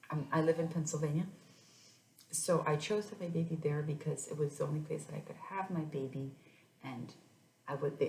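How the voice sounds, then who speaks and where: This thirties-aged mom tells her own tale vlog-style, loose and full of restarts. She has a gravelly, low-pitched, somewhat dark voice, recorded in an echoey room with a bit of background noise.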